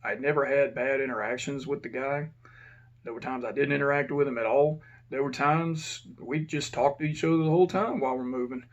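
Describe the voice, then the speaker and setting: A former prison officer telling a casual, profane story and acting out the dialogue. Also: male voice, mid-range voice, a little fast, lo-fi sound.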